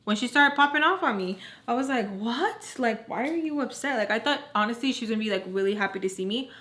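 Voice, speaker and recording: A young woman telling a personal story in casual vlog style, animated and acting out what others said. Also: on the high side, quick pace. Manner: animated, acts out quotes, says "like" often. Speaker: storytime vlogger.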